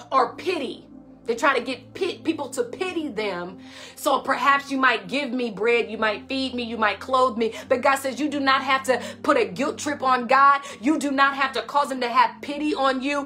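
A woman minister delivering a fervent prophetic sermon, moving between loud declarations and hushed prayer. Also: high-pitched, moderate pace, faint music behind.

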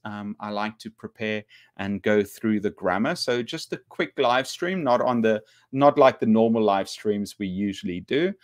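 A man teaching English grammar on a live stream, reading example sentences aloud slowly and patiently and greeting viewers by name. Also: medium pitch.

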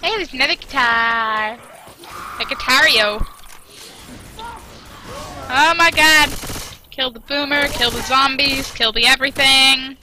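A woman's voice: high-pitched, slow pace, pauses often, pushed and bright. A woman gamer joking playfully with friends, with a picked-up American-sounding accent. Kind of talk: casual gameplay chat.

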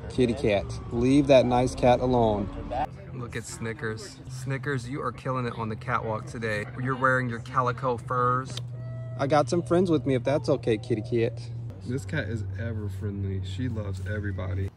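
A man's voice: mid-range voice, fairly even intonation, normal speed. A man hosting a casual walking vlog outdoors in a neighborhood, talking affectionately to cats. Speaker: vlog host.

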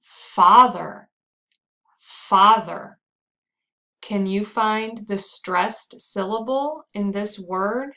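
An American woman teaching pronunciation at a very slow, deliberate pace. Her pitch sits in the middle of the range. She repeats each example word clearly, drawing it out for the learner. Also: fairly bright tone, low-quality recording. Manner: drills words slowly and repeats them.

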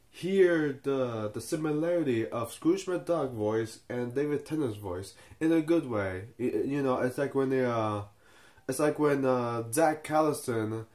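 Halting young man rambling about a show. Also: mid-range voice, a little mellow. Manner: halting, many fillers and restarts. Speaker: video reviewer. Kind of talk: casual unscripted commentary.

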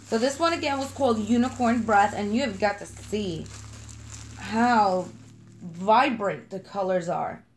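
A woman's voice: medium pitch, unhurried, slight background noise. A chatty woman with a New York accent, rambling and gushing as she unboxes and sniffs scented wax in a casual vlog. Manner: bubbly, rambling, self-described kooky; gushing over scents and colors. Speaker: vlogger unboxing wax melts.

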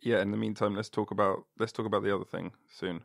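A man's voice: lowish voice, flat delivery, fast talker, gravelly, no echo, studio quality. A man hosting a podcast in casual chat, rambling and joking as he searches for words. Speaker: podcast host.

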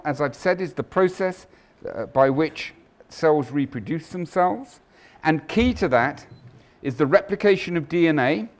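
A man giving a scientific lecture, emphatic and animated, with frequent ums and restarts. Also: on the high side. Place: lecture hall.

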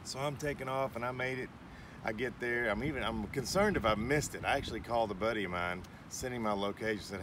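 Middle-aged man, animated storyteller who voices the people in his story, mic set back, outdoor noise. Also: mid-range voice, quick pace. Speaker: vlogger's father. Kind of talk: casual storytelling. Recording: distant outdoor mic with clear background noise.

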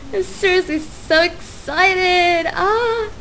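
A young woman doing casual let's play commentary, gushing with excitement and stumbling over words as she plays. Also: extremely high pitch, a little hiss or hum.

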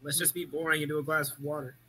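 A man joining a game stream with quick reactive comments. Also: fairly high pitch, little pitch movement, pushed and bright, breathy edge.

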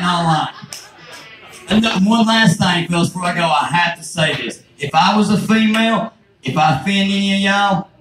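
A man with a rural Southern American accent doing a crude, self-mocking stand-up set on a club stage. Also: sits high. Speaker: stand-up comedian. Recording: echoey, noisy room from far off.

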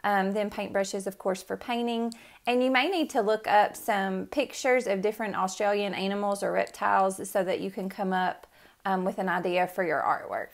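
A woman's voice: mid-range voice, moderate pace. A woman art teacher giving a casual step-by-step tutorial in her studio, talking loosely with lots of "um" and "like". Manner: casual, friendly, many fillers like "um" and "like".

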